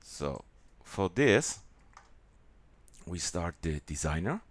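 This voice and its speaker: A man with a German accent walking through a software tutorial in a halting way, with many pauses and fillers. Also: sits low, very animated. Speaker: software demonstrator.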